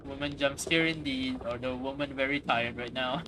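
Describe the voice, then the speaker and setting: A man's voice: medium pitch, fairly even intonation, moderate pace, heavy background noise. A man streaming a strategy game, chatting casually, swearing and laughing at himself. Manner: laughing, swearing, self-mocking. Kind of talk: casual game livestream chat.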